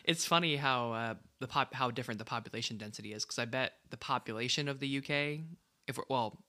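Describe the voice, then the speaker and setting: A man's voice: mid-range voice, fast, sharp tone. A man co-hosting a podcast in casual chat, rambling and hesitant with lots of fillers. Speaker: podcast co-host.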